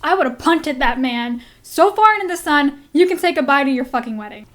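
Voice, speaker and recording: A young woman vlogger reacting casually, talking in an animated, blunt and sweary way. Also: sits high, brisk.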